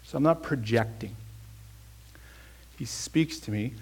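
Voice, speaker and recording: A man's voice: mid-range voice, slow pace, darkish tone, breathy edge. A man preaching a conversational sermon, telling a personal story with earnest emphasis and then leading a prayer.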